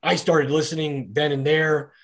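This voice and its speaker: A middle-aged man, appearing as a podcast guest, rambles casually through his stories with frequent restarts and fillers. His voice is a little high and level in tone, at a normal speed.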